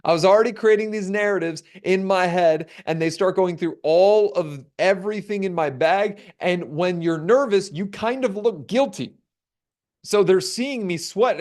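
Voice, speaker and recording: A man giving a webinar keynote, telling a story with dramatic pauses and acting out the dialogue. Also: sits high, a little mellow. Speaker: keynote speaker. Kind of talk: storytelling talk.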